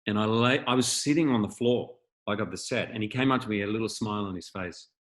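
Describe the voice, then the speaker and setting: Speaking fast in a lowish voice, a man interviewed over video call as an acting school's patron shares candid, reflective anecdotes. He opens up about his feelings as he looks back.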